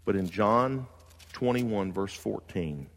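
Low-voiced man preaching in a reverberant hall. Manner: animated storytelling, swings from loud excitement to hushed, slow earnestness. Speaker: pastor. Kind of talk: sermon. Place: church.

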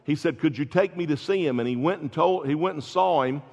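A man preaching a sermon as pastor, telling stories with rising intensity and quiet drops. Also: a little high, a little fast, gravelly. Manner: animated storytelling, builds to loud peaks then drops soft. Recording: dull lo-fi recording in a large reverberant hall.

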